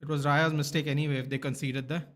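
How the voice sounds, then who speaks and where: A man's voice: fairly high pitch, fast. A man hosting a live football watchalong, chatting casually with viewers and reading out their comments. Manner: chatty, rambling, reads out viewer comments and answers them; bursts into loud excited shouts at near misses. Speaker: livestream host.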